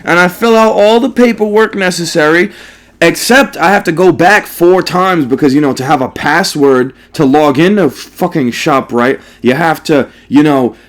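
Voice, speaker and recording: A man's voice: on the high side, moderate pace. A man telling a story over gameplay commentary, exasperated and profane, firing off repeated rhetorical questions. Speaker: gaming commentator.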